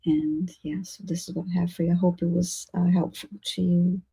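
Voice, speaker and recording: Woman doing live psychic readings, husky, dark tone, flat delivery, halting with fillers. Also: lowish voice. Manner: hesitant, halting, many fillers. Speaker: psychic reader and co-host.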